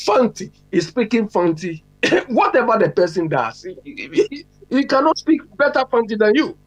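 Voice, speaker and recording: A man joining the discussion with excited, stammering remarks. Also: high-pitched, moderate pace.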